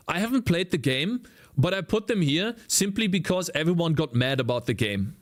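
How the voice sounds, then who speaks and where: A man's voice: fairly high pitch, lively intonation, moderate pace. A man with a German accent, a native German speaker, chatting casually with viewers during a live coding stream, rambling and searching for English words. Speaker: streamer and indie game developer.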